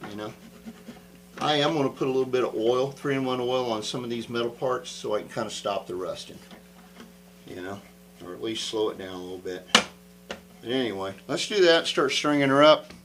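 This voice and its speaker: A man of ordinary pitch chats his way through a guitar repair, folksy and rambling, thinking out loud as he goes. A faint hum sits under his voice. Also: poor audio. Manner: rambling, folksy, thinks aloud while working. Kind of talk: casual workshop talk to camera.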